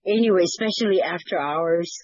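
A woman's voice: lowish voice, a little fast, a little mellow, no room sound, muffled recording. A woman leading a fellowship, sharing a personal testimony in an earnest, rambling way that repeats words, over a video call. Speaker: fellowship leader.

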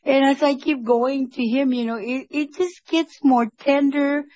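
A woman talking earnestly and emotionally about her faith and an upcoming trip, often halting and restarting. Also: high-pitched, steady tone, darkish tone, no room sound. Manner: speaks of God with devout fervor. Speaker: vlogger sharing a faith testimony. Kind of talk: heartfelt personal vlog.

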